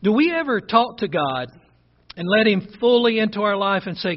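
A man's voice: high-pitched, sing-song, moderate pace, highs cut off. A man with a rural Southern American accent preaching a sermon, earnest and conversational as he reads scripture aloud.

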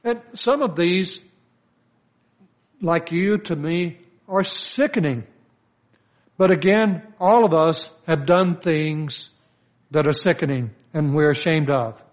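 An older man, a pastor, preaching a conversational sermon full of personal stories, often restarting his sentences. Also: on the high side. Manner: conversational, anecdotal, with frequent restarts. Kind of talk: storytelling sermon.

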